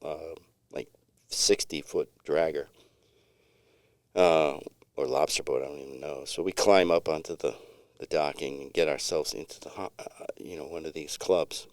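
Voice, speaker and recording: Middle-aged guy on a podcast, real low smooth voice, rambles through a story, laid-back, dry sound. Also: steady tone, moderate pace, no echo. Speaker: podcast co-host. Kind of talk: casual storytelling chat.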